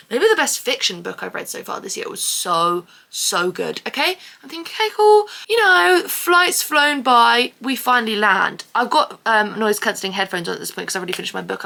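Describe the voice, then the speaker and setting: Woman vlogger, sharp tone, ranty and sarcastic, casual delivery. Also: mid-range voice, gravelly. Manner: sarcastic, sweary, animated storytelling. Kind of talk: casual storytelling vlog.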